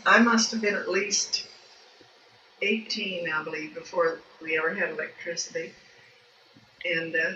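A woman's voice: lowish voice, sharp tone. An older woman recalling her family life in an oral history interview, rambling and folksy, with many restarts. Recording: distant, echoey, dull and noisy home recording.

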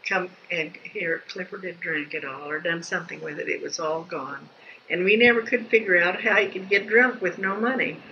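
Speaking at a moderate pace in a fairly low voice, an elderly woman meanders through her family's past, often starting sentences over in a homespun, storytelling way. Her interview sits on a dull, lo-fi home tape with faint ambience and slight background noise.

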